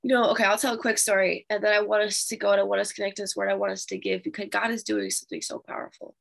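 A woman leading a morning Bible study, telling a story in an animated, emphatic sermon style and speaking straight to her listeners. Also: medium pitch, rapid-fire, vocal fry. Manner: animated, emphatic, addresses audience directly.

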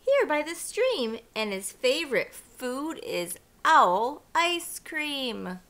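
A woman's voice: high-pitched, big pitch swings, slow pace, a bit bright, pitched above the performer's own voice, heavily acted. A woman voicing a small, clever brown mouse in a picture-book reading, speaking boldly and emphatically. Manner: bold and emphatic.

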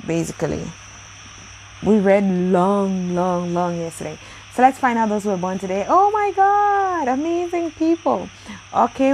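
A chatty woman hosting a daily Bible reading show, talking in a loose, effusive way and often breaking into exclamations. Her voice sits at an ordinary middle pitch for a woman. Faint crickets and insects chirp quietly behind her. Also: a little hiss or hum, low-quality recording. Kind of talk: casual chat with birthday shout-outs.

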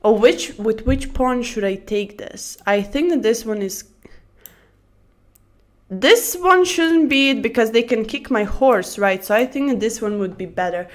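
High-voiced chatty young woman streamer. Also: measured pace. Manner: chatty, rambling storyteller with excited outbursts over moves. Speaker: chess streamer. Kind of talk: casual chat while playing blitz chess.

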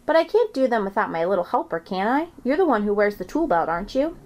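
A woman's voice: medium pitch, sing-song, fast, close to an everyday voice. A woman voicing a jolly grandfather in a storybook who coaxes his granddaughter in a playful way. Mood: coaxing. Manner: playful, coaxing.

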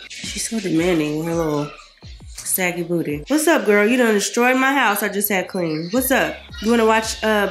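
A woman's voice: mid-range voice, rough recording. Sassy young woman vlogging at home. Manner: sassy, scolding the kids, then hushed at night. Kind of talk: casual vlog narration.

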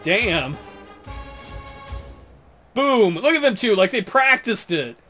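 A man with a high, very lively voice riffs over a football video game in a relaxed, playful way. He jokes and teases as he plays, swinging his pitch up and down. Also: takes it slowly, faint music behind. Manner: jokey, playful, laughs often. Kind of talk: casual gameplay commentary.

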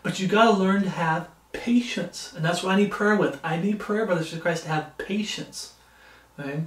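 A man with a high voice preaches earnestly to his viewers, circling back and restarting his sentences as he goes. He sits back from the mic, so his voice comes across distant, and the room around him rings with echo. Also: a bit bright. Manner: earnest, repetitive, halting with restarts. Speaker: ministry preacher. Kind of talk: informal devotional talk.

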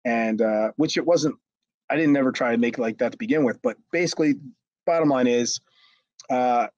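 A man's voice: medium pitch, a little fast, darkish tone, no echo, dull audio. Rambling man telling a wrestling story. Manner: rambling, with lots of restarts. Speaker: former wrestler. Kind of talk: storytelling interview.

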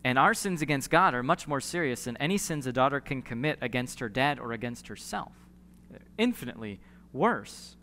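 A man delivers an earnest sermon in a bright, forceful voice that sits slightly high. He presses on key words, repeating phrases for weight. Long reverb from the church hall trails each line. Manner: earnest preaching with emphatic pauses and repeated phrases. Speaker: pastor. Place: church sanctuary.

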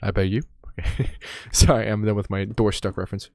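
A man's voice: lowish voice, fairly even intonation, fairly quick, a little mellow. A young man streaming a game in casual commentary, joking and rambling with self-mocking asides.

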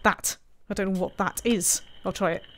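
A gaming streamer with a medium-pitched, fairly bright voice and fairly even intonation provides casual let's-play commentary at a moderate pace. She's chatty, laughs often, and teases the characters on screen.

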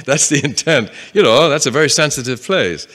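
A man leads a Bible class before a live audience. His voice is bright and his pitch moves a lot, rising and falling as he reads scripture aloud and puts questions to the room in a relaxed, conversational way. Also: moderate pace. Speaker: Bible teacher. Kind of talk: interactive Bible class lecture.

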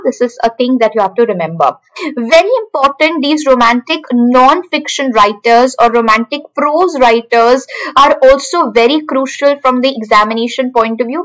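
A woman's voice: fairly high pitch, fairly bright tone, poor audio. A woman teaching a live online exam-prep class, repeating key points and calling out students by name.

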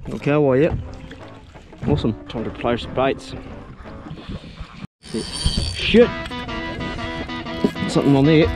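A man giving excited, encouraging commentary while fishing from a boat, whooping at each catch. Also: mid-range voice, measured pace, pauses often, over music. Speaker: fishing channel host. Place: outdoors on a small fishing boat.

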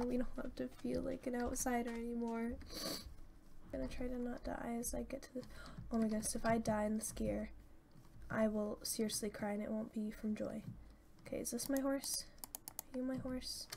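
A young woman casually commenting on her own gameplay, chatty and excitable, gushing with thanks. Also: a little high, creaky. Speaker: gaming channel host. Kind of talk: casual let's-play commentary. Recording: noisy home recording.

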